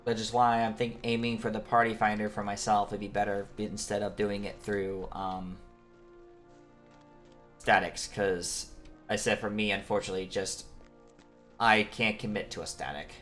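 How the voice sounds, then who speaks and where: A woman's voice: extremely low pitch, flat delivery, moderate pace, faint music behind. A woman streamer giving casual commentary while playing a game, laughing often and swearing when surprised.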